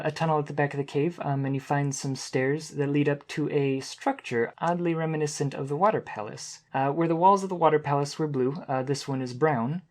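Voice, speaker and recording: A man's voice: a little high, darkish tone. A man narrating scenes as game master of a tabletop game, with frequent ums and uhs.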